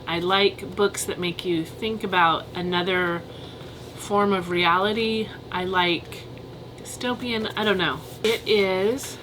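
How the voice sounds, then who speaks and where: A woman's voice: medium pitch, background noise. A woman casually reviewing books on her vlog, chatty and candid, thinking aloud and giving frank opinions. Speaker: book vlogger.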